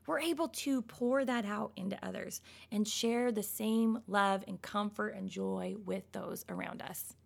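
A woman giving a casual Christian devotional talk, expressive and emphatic, swinging between loud bursts and soft, quiet stretches. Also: medium pitch, unhurried, gravelly, few pauses.

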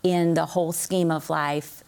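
A middle-aged woman speaks as a podcast guest, earnest and full of faith as she tells her family's story. Her voice sits very low with a gravelly, creaky texture. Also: flat delivery, a little slow, a little mellow. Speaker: guest, author of a book on blended families. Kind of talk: faith-based podcast interview.

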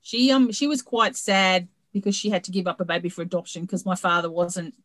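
A woman's voice: fairly low pitch, steady tone, brisk, a bit bright, a little hiss or hum. A middle-aged woman, an author, telling her story in a casual video-call interview, chatty and rambling with many restarts. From Australia.

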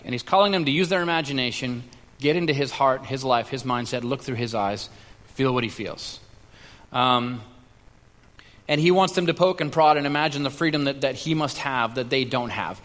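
A man's voice: mid-range voice, a bit bright. Man preaching in a reverberant hall. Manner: conversational, halting with many restarts and fillers. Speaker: pastor. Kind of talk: sermon.

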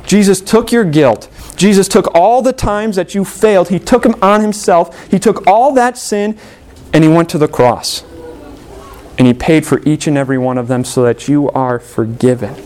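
A man preaching a sermon. His voice sits a little high, and he swings it up to stress a point and drops it low and slow for the heavy parts. His delivery is earnest and he repeats phrases. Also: darkish tone. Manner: earnest, repetitive preaching with sweeping pitch swings.

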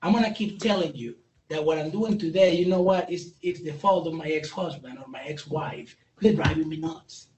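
A man's voice: a little high, moderate pace, darkish tone, highs cut off. A man giving a candid, joking training talk to a live audience, with frequent restarts and stumbles. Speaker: speaker training police on brain injury. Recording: roomy, distant mic, faint noise.

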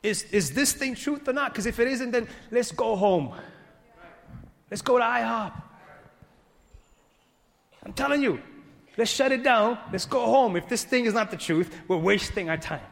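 A man preaching a sermon as pastor, swinging from loud exhortation to hushed, earnest pleading. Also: very high voice, unhurried, vocal fry, pauses often, big-room sound. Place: church sanctuary.

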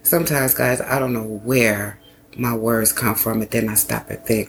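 Earnest man with a gravelly voice. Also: mid-range voice, fairly even intonation, normal speed. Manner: earnest, encouraging, repeats phrases for emphasis. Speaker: podcast host. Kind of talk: motivational self-help monologue.

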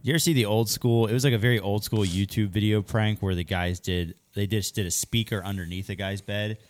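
A man chatting casually, recounting an old prank video in a relaxed way. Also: lowish voice, brisk. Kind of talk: casual chat.

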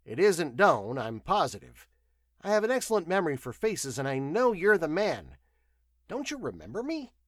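A cheerful, talkative traveling salesman in a storybook, as a man reads him. He rattles on heartily in a lively, bouncing voice. The sound is dry and close. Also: on the high side, normal speed, no echo, pitched above the performer's own voice, exaggerated voice.

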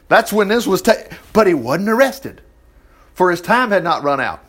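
Lively man teaching scripture. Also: on the high side, moderate pace. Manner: animated, folksy, chuckling asides. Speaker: Bible teacher. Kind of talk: informal Bible study commentary.

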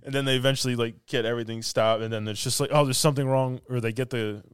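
A man on a podcast retelling a movie scene by scene, rambling and filling every pause with "like" while acting out the lines. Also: medium pitch, steady tone, clean tone, no echo. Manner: rambling, fills with "like", acts out quotes. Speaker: podcast co-host. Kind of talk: casual film review chat.

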